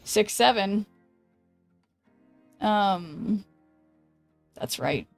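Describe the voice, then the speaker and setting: Woman, streamer, unhurried, thinking aloud, slightly hoarse, faint music behind. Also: mid-range voice, expressive. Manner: chatty, thinking aloud, greets viewers. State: losing her voice. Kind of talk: casual gameplay commentary.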